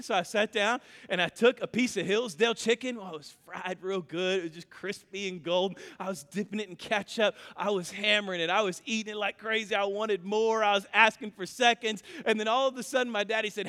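A male pastor preaching with a notably high voice. He tells a story and acts out its quotes with lively energy, and his voice rings through a reverberant hall. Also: moderate pace. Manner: storytelling, animated with acted-out quotes. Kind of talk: sermon.

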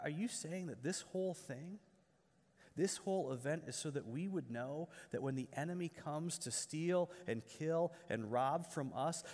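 A man's voice: on the high side, darkish tone, long reverb tail. A man preaching a sermon in earnest, asking rhetorical questions and often restarting his words. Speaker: pastor.

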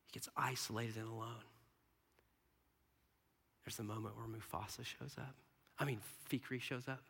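Man, preacher, sermon, very bright forceful tone, whispers then bursts out, long hall echo. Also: medium pitch, moderate pace, gravelly, slightly rough. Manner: animated, swings from hushed whispers to loud bursts, laughs often. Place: large hall with a live audience.

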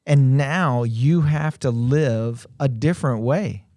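A man's voice: medium pitch, mellow, no echo, studio quality. Reflective man musing on faith. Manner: reflective, slow and deliberate, playful asides. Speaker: co-host of a faith livestream. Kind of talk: conversational Christian teaching.

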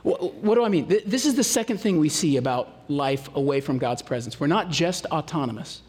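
A man preaching a sermon in a conversational style, full of rhetorical questions and animated asides. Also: fairly high pitch, brisk, slightly rough, in a large hall. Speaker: pastor.

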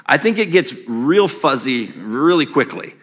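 A man's voice: medium pitch, very animated, a little slow, a bit bright. A middle-aged man preaching a casual, self-deprecating sermon to his church, with plenty of fillers and asides. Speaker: pastor. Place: church sanctuary.

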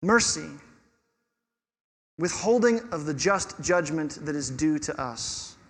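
A pastor preaching a sermon in an animated, conversational way with touches of humor. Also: male voice, on the high side, slow pace, big-room sound.

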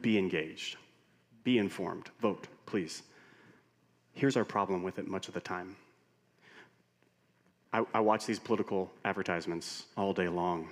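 A man preaching as a pastor, telling stories with humor in an animated way. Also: deep voice, measured pace, pauses often. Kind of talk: sermon. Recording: long reverb of a large hall.

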